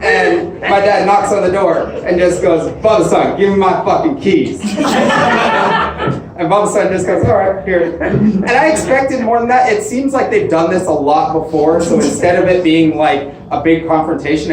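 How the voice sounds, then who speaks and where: A man's voice: high-pitched, recorded from a distance. A man doing a stand-up comedy set, telling crude stories about his dad. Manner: storytelling, crude punchlines, quotes his dad. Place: comedy club stage. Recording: echoey club, mic heard from afar. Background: audience laughter.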